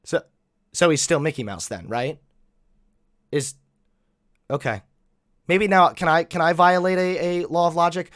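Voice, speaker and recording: A man's voice: fairly high pitch, a little slow, pauses often, fairly bright tone, no room sound, clean studio sound. A man giving sarcastic, exasperated commentary while reacting to clips.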